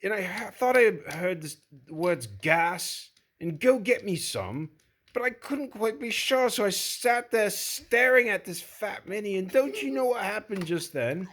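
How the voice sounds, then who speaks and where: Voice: medium pitch, a little slow, hardly any pauses, a bit bright. A storyteller improvising a silly tale in a rambling, playful way, often breaking into laughter.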